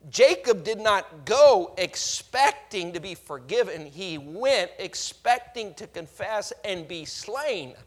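A man preaching a sermon in a dramatic way, swinging from loud to hushed and acting out the voices he quotes. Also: sits high.

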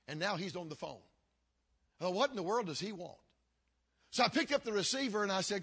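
An older man, a pastor, telling a story in a sermon with earnest, repeating phrases that sink low and quiet. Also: expressive, fairly quick, long pauses, husky. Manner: earnest, repetitive preaching cadence that drops low and quiet.

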